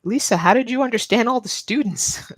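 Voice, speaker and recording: A woman voicing her puzzled non-native friend in a quote, with her voice raised high and exclaiming. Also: brisk, husky, no room sound. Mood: surprised.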